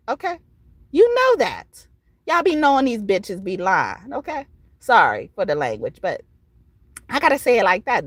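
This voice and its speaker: A high-voiced woman gives an unhurried tarot reading, her pitch leaping up and down as she talks. She is blunt and profane, laughs between points and keeps checking in with "okay?". Her voice sounds dry and close, with no room echo. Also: fairly bright tone. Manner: blunt and profane, tags most phrases with "okay?". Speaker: tarot reader. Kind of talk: casual tarot reading to camera.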